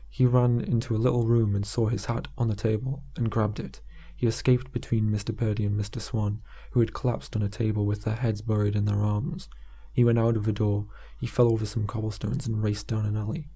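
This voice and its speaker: A man narrating an audiobook in a steady, measured storytelling manner. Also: medium pitch, creaky.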